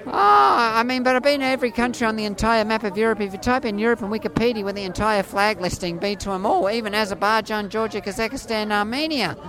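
A man in his forties with an Australian accent and a high voice often mistaken for a woman's, rambling through stories in an animated, playful way. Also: fast talker, hardly any pauses. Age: 40s. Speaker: street performer jester. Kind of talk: casual storytelling interview. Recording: faint crowd outdoors.

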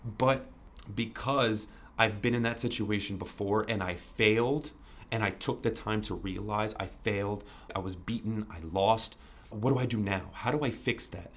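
A man's voice: fairly low pitch, normal speed. A young man, a podcast guest, telling his story in an earnest, candid way, full of "you know" and restarts.

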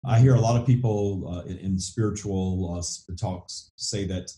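A man's voice: low-pitched, moderate pace, warm tone, reverberant. A man with a Southern US accent hosting a spiritual podcast, talking casually and repeating words as he thinks aloud. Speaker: podcast host.

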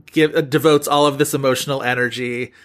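A man's voice: mid-range voice, fairly even intonation, fairly quick, a bit bright. A man co-hosting a podcast in casual chat, rambling with many fillers and laughs. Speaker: podcast co-host.

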